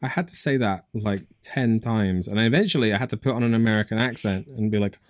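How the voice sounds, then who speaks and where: A man's voice: fairly low pitch, fast, no echo, clean studio sound. A young man with a British accent in casual podcast chat, laid-back and wisecracking. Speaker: podcast co-host.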